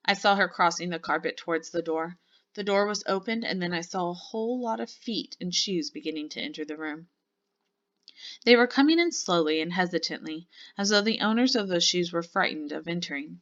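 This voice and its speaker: Lower-voiced woman teacher reading a story. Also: brisk. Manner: lively storybook narration. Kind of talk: reading a children's book aloud. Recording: muffled lo-fi recording.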